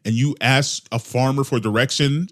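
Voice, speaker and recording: A man riffs through a comedic podcast monologue, his voice jumping from loud exclamations to low mutters. He talks casually and swears freely, keeping an animated, restless energy. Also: moderate pace. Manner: animated, profane ranting with mock voices. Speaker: podcast host.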